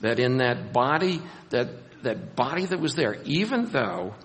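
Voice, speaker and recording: A man preaching a Bible sermon, animated, acting out scenes and raising his voice for emphasis. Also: medium pitch, a little slow. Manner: animated, acts out scenes with rising voice. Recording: long hall reverb.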